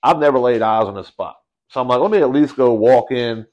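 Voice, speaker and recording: A man telling a story in casual podcast chat, animated and slangy, calling people bro and dude. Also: mid-range voice, brisk, lo-fi sound.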